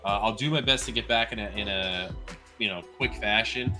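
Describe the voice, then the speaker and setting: A man with a bright, forceful voice, chatting in a casual, upbeat way as a podcast guest. He keeps it easygoing and loose, full of filler words, while faint music plays behind him. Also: lowish voice, a little fast. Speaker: podcast guest, partnership manager. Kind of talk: casual chat.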